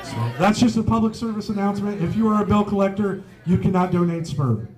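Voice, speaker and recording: High-voiced profane stand-up comedian. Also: male voice, fast talker, darkish tone, a faint crowd. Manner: profane, chuckles at his own jokes. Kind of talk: live stand-up set. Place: pub stage. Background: faint live audience.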